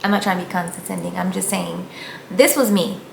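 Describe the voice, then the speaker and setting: Earnest woman with a gravelly edge. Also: lowish voice, fairly even intonation, brisk. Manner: earnest, encouraging, addresses viewers directly. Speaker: faith vlogger. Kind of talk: casual motivational talk to camera. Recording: echoey room with faint ambient noise.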